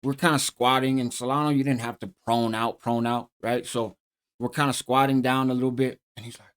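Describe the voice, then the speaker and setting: A man's voice: medium pitch, flat delivery, fairly quick, smooth. Streetwise man telling a story. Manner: streetwise slang, frequent "right?" tag questions. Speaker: host telling a prison story. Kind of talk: casual storytelling.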